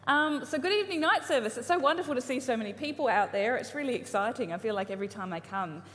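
A woman's voice: on the high side, lively intonation, fast talker, a bit bright. A woman in her thirties giving a casual, humorous sermon to a church congregation, chatty, with frequent ums and restarts. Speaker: preacher. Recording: live church hall reverb, faint ambience.

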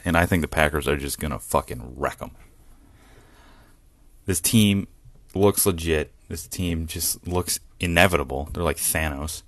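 Deep-voiced man ranting excitedly, profane. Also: unhurried, no echo. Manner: excited, profane, laughs often. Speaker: podcast host. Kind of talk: solo sports podcast rant.

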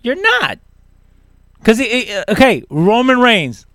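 A man's voice: very high voice, huge pitch swings, slow, a bit bright, no room sound, studio quality. A young man co-hosting a casual wrestling chat, ranting emphatically and repeating words. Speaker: podcast co-host.

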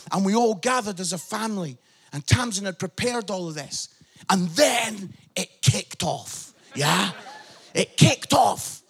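A middle-aged man preaching a sermon as pastor, telling family stories with animated bursts of shouted emphasis and a habit of asking "yeah?". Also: high voice, slightly rough.

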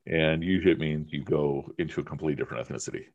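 Really deep voiced guy teaching, casual and emphatic, lots of um and you know. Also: very fast, darkish tone, dull audio. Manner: conversational, emphatic, uses many fillers. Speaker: religion teacher. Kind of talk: informal class discussion.

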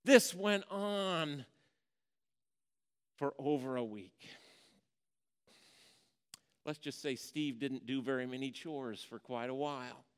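A man preaching a sermon, telling a folksy story, going from hushed to emphatic. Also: mid-range voice, slow pace, pauses often, clear, resonant tone. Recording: long reverb of a large hall.

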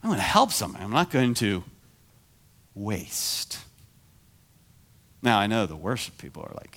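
A middle-aged man preaching a sermon as pastor, animated and self-deprecating, moving from quiet confession to near shouting. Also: on the low side, normal speed, pauses often, slight background noise.

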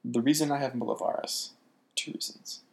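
A man co-hosting a casual chat, animated, swearing now and then and laughing often. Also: medium pitch, brisk, creaky. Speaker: podcast co-host.

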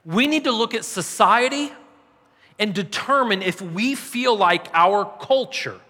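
A man preaching a sermon as pastor, conversational and self-deprecating, often tagging his points with a quick question to the room. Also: sits high, expressive, bright, forceful tone. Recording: long reverb in a large hall.

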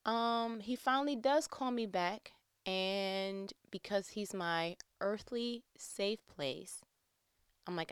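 A middle-aged woman casually telling a personal story, animated and faith-filled, dropping to a hush and rising to emphatic peaks. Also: mid-range voice, normal speed, clean tone, no room sound, clean studio sound. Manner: animated, swings from hushed to loud and emphatic.

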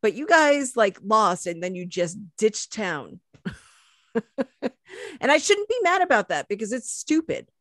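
A woman's voice: mid-range voice, big pitch swings, unhurried, long pauses, fairly bright tone, no room sound, clean studio sound. A woman hosting a casual sports podcast, rambling and self-deprecating with lots of fillers. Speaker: podcast host.

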